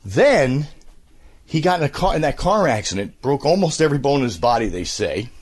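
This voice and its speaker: Walking around at home, a voice actor and radio host speaks fairly quickly in a mid-range voice during a casual interview. Breathless from a cold, he's still an animated storyteller who rambles and slips into impressions.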